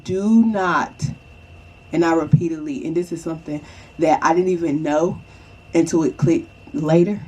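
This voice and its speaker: Mellow-voiced woman giving casual advice. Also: sits low, normal speed, slightly rough, poor audio. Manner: chatty, reassuring, repeats "okay?" to the viewer. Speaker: vlogger.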